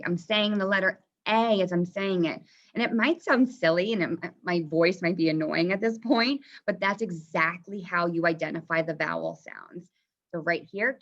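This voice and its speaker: Woman teacher, bright voice, slow and deliberate, sounding out vowels, slightly muffled lo-fi recording. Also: lowish voice. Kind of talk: phonics lesson.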